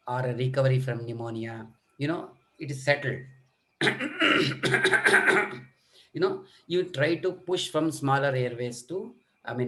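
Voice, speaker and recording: A middle-aged man lecturing on children's coughs in an online medical workshop, demonstrating coughs and talking with many fillers. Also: medium pitch. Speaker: pediatric lecturer.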